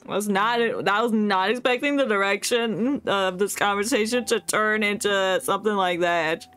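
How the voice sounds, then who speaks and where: A woman's voice: medium pitch, moderate pace, fairly bright tone, smooth, soft background music. A young woman streaming a game, reading narration aloud and chatting casually with lots of laughs.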